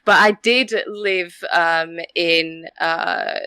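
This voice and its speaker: A woman's voice: fairly low pitch, steady tone, drawn-out words, bright, forceful tone, clean tone, dry recording. A woman in her thirties from Australia, with a mixed Australian, English and Canadian accent, chatting casually on a podcast with lots of fillers and laughs. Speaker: podcast co-host.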